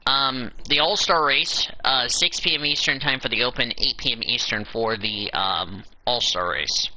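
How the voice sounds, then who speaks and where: A man's voice: mid-range voice, moderate pace, pushed and bright, no echo, poor audio. A man hosting a casual show, reading through a schedule and breaking in with exasperated asides. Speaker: show host. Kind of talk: casual podcast commentary.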